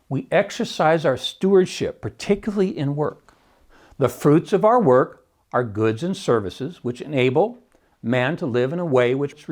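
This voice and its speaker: A man who teaches economics talks through his prepared commentary with a lively, swooping pitch. He is emphatic, often opens a point with "see," and drops in wry asides along the way. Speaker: economics professor hosting a Christian podcast.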